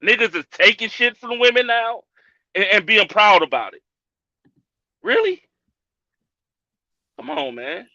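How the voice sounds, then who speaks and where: A man with a sharp, tense voice rants bluntly and profanely, lecturing the listeners. His voice comes through a dull, lo-fi line with a dry sound. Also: high-pitched, big pitch swings, a little slow, long pauses, no room sound. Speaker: speaker in an audio chat room.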